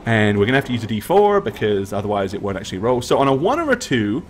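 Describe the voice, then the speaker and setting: A man's voice: fairly low pitch, sing-song, fast talker, a little hiss or hum. A man narrating as game master of a tabletop game, with rambling, filler-heavy speech.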